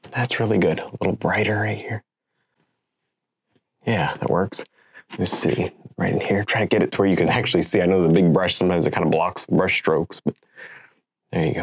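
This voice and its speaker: A man with a low, slightly husky voice teaches landscape painting in a loose, easygoing way. He muses over each stroke and cheers on the viewer. The sound is close and dry. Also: dry recording. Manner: relaxed, thinks aloud, encouraging. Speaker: painting instructor. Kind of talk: casual painting demonstration.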